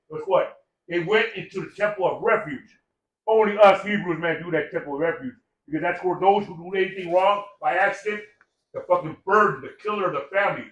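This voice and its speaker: A man's voice: high voice, pushed and bright. A man telling a story in casual talk, profane, emphatic and rambling. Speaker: podcast guest. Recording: echoey room, distant mic.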